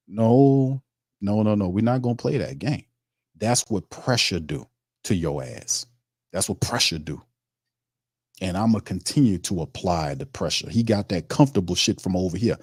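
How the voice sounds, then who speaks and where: A man's voice: lowish voice, expressive, normal speed, a little mellow, husky, dry recording, studio quality. A man hosting a sports talk stream, reading chat comments and ranting emphatically in informal, streetwise speech. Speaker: sports show host.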